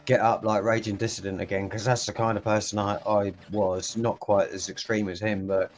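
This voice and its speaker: A man's voice: on the low side, level tone, moderate pace. A British man chatting on a podcast over a remote call, rambling, swearing often and laughing a lot. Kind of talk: casual conversation. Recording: faint background noise.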